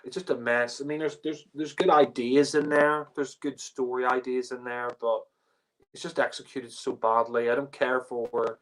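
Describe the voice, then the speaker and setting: Blunt, exasperated man with mid-range pitch. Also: little pitch movement, moderate pace, a bit bright, rough recording. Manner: blunt, exasperated, swears, heavy filler words. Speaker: podcast co-host reviewing episodes. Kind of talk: casual opinionated review.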